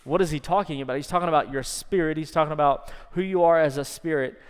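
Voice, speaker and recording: A man giving a sermon as pastor. He stretches key words for emphasis and sometimes drops to soft, intimate tones. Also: on the high side, fast, clean tone. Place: church sanctuary. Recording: long church reverb.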